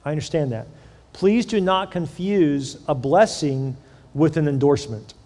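A middle-aged man preaching a sermon, talking to his congregation in a relaxed, conversational way with lively stories and repeated words. His voice sits a little high for a man. The sound rings out with the long reverb of a large church hall. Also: unhurried. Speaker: pastor.

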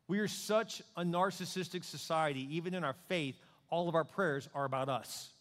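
Animated preacher in a reverberant hall. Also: male voice, a little high, moderate pace. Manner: animated preaching, acting out voices of God and people praying. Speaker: pastor. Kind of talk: sermon.

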